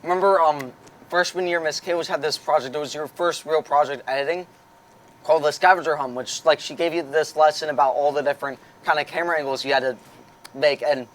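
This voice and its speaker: A young man tells a story as a guest, talking fast and cracking jokes at his own expense. His voice sits a little high for a man. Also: steady tone, fairly bright tone. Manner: fast, joking, self-deprecating. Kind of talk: casual chat among friends.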